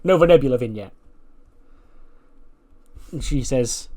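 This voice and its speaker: A man's voice: mid-range voice, steady tone, moderate pace. A man casually narrating a wrestling management game, rambling with lots of fillers. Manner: rambling, lots of "like" and "you know". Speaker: let's play narrator.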